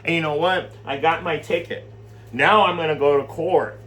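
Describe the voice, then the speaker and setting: A man teaching scripture in a loose, animated way, rambling and swearing as he tells a story. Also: fairly high pitch, moderate pace. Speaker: Bible study teacher.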